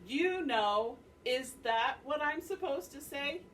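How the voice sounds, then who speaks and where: A clever little deer played by a woman reading to a class answers in an even, patient voice with a gentle tease in it. The voice sits a little high and comes from across the room, with faint classroom noise behind it. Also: takes it slowly, full character voice. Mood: calm. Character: calm clever female bush deer, unfazed. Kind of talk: read-aloud storybook voice. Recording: distant mic, faint classroom ambience.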